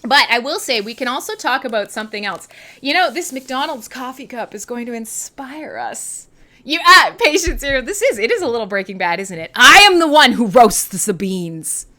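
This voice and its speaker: A woman livestream host from Canada talking in a loose, rambling way, full of giggles and swearing. Her voice sits fairly high and swings widely in pitch. Her tone is bright and crisp, and she sounds tired and a bit high. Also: very animated, normal speed. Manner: rambling, giggly, profane, self-mocking. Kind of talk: casual livestream chat.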